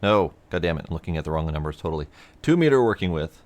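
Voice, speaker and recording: Low-voiced man chatting over farm game. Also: quick pace. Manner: relaxed, chatty, laughs often. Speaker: gaming streamer. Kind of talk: casual gameplay chat. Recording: loud game vehicle noise behind.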